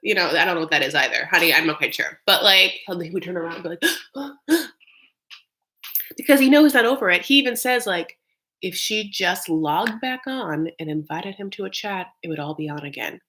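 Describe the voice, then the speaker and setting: Bright, sassy reaction host, woman. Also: lowish voice, lively intonation, fairly quick. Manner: gossipy, sassy, chatty with viewers. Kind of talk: live reaction recap, casual chat.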